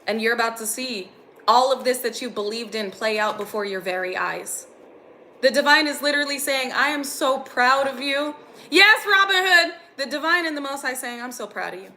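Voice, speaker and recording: Bright-voiced woman giving a spiritual reading. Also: on the high side, normal speed, a little hiss or hum. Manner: earnest, intense, gets emotional. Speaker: spiritual reader.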